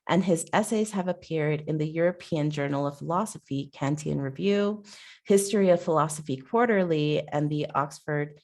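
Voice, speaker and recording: A woman with a low voice introduces a guest speaker over a video call. Her voice has a gravelly fry, and she stumbles over her words now and then as she reads. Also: moderate pace, darkish tone.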